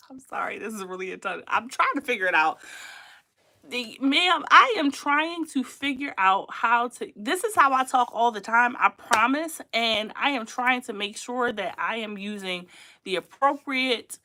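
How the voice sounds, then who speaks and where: A woman's voice: on the high side, expressive, measured pace, bright, forceful tone. A young adult woman, hosting a casual livestream in a chatty, emphatic way that repeats points and laughs often. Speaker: livestream host.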